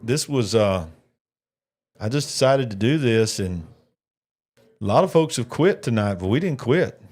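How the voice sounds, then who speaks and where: A man's voice: mid-range voice, expressive, measured pace, darkish tone. Man, easygoing live-stream host who chats and snacks on air. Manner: chatty, eating and reading viewer comments on air. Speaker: livestream host. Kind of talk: casual live election-night chat.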